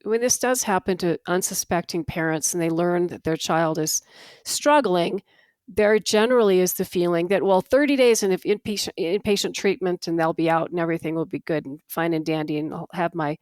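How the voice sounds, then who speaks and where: A middle-aged woman hosting an interview, speaking in a reflective, measured way. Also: lowish voice, darkish tone, no echo, clean studio sound. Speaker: host, former congresswoman. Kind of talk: conversational interview.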